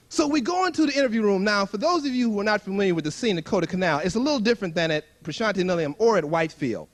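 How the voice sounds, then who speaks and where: A man with a high, very lively voice tells a humorous story to a retreat audience. He acts out the voices he quotes and laughs along with his own jokes, speaking with a bright, dramatic storyteller's energy. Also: racing, few pauses. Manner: animated, acts out quoted voices, chuckles often.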